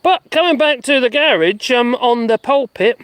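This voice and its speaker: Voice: mid-range voice, moderate pace, fairly bright tone, clean tone, no room sound. A live-stream host, chatting in a rambling way from a garden and laughing often. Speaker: livestream host. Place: outdoors in a garden.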